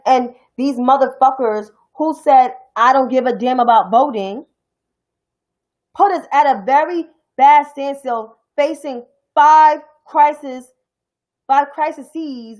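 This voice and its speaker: A woman's voice: high-pitched, a little slow, a little mellow, poor audio. A young adult woman from New York City with a New York accent, giving a blunt, profane, heated political rant on her own stream. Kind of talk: ranting political commentary.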